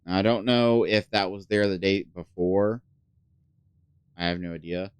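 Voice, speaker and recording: Casual gamer host, male, clear voice, dry close sound, chatty and filler-heavy, mutters while thinking. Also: low voice, unhurried, no room sound. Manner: drops to a mutter when thinking aloud. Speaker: gaming channel host. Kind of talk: casual let's play commentary.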